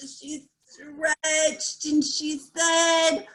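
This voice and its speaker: High-voiced lady doing storytime, slow and animated, gets the kids to join in. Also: low-quality recording. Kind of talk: children's storytime reading.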